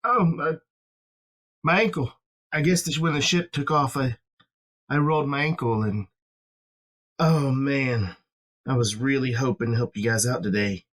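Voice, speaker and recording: A man's voice: medium pitch, a little slow, pauses often, a bit bright. A man voicing a lazy male sailor who whines and overplays pain to fake an injury. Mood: whiny. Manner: whiny, overplayed groaning.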